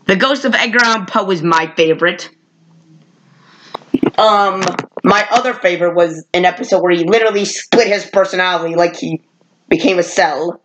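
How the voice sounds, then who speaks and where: A woman vlogger reviewing old cartoons in a casual, rambling way, correcting herself often and jumping up in pitch when she exclaims. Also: moderate pace, fairly bright tone, poor audio. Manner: rambling, with frequent self-corrections.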